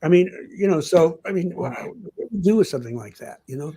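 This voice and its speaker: A man's voice: fairly high pitch, animated, quick pace, warm tone, husky. An older man, a journalism professor, telling rambling anecdotes in an interview, full of "I mean" and "you know.". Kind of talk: anecdotal conversation.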